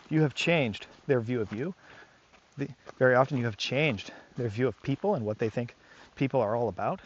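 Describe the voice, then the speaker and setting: A man's voice: mid-range voice, lo-fi sound, slight background noise. Earnest man explaining dog training outdoors. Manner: earnest and emphatic, repeats key phrases. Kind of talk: explaining on camera while walking a dog. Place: outdoors on a park trail.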